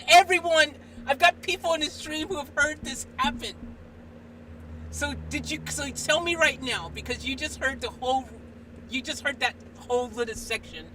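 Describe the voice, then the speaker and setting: A woman live streamer talking to her viewers and an AI assistant in an excitable, exasperated way, swinging between shouting and muttering. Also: fairly high pitch. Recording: distant mic, faint background noise.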